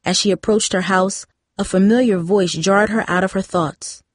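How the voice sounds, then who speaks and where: In scripted audiobook narration, a woman with a mid-range voice reads a novel steadily and with measured care. The sound is clean studio audio with no room sound.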